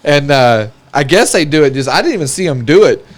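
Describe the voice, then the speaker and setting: A man's voice: on the high side, fairly quick. A young man telling stories in casual podcast chat, acting out the people he quotes. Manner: animated storyteller acting out quoted voices. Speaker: podcast host.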